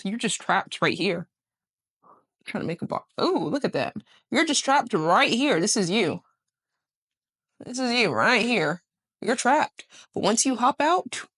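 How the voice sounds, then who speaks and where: Speaking to her camera, a twenty-something woman vlogger delivers animated, emphatic motivation in a mid-range voice. She swears casually and breaks into laughter often.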